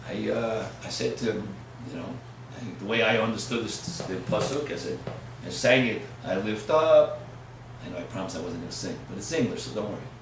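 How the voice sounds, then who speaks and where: Rabbi preaching in an echoey hall. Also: male voice, fairly low pitch, brisk, distant mic, a little hiss or hum. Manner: swings from hushed to loud and emphatic. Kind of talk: sermon with storytelling. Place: lecture hall.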